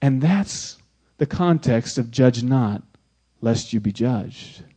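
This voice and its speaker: Taking his time, a pastor with a medium-pitched, slightly rough voice preaches expressively. He alternates between booming exclamations and soft lines, frequently doubling words for weight.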